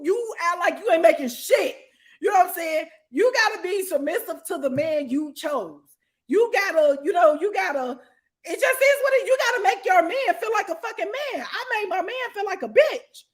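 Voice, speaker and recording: A middle-aged woman telling a story in casual chat, blunt and profane, often breaking into loud laughter and sudden shouts. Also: very high voice. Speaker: storyteller guest.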